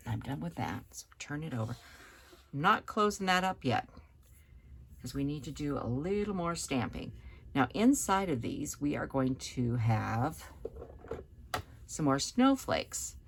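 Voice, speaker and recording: Low gravelly-voiced woman teaching crafts. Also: a little slow. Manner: chatty, relaxed, talks while working. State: hiccups. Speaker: card-making instructor. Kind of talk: hands-on craft tutorial.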